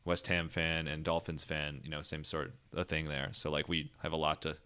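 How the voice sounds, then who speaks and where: A very low-pitched man hosts a podcast in casual conversation. He rambles cheerfully, laughing often and restarting his sentences with lots of "like" and "um.". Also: flat delivery, normal speed, bright, forceful tone, smooth. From Ohio, United States. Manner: chatty, laughing, many fillers and restarts. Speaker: podcast host. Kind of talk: casual interview chat.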